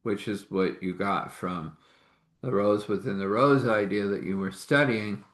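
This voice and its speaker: A man with a fairly low voice tells a story in a loose, rambling way. He slips into the voices of the people he quotes as he narrates, in a casual spoken style. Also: a little slow, a bit bright, roomy sound. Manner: rambling, acts out quoted dialogue. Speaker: faith storyteller.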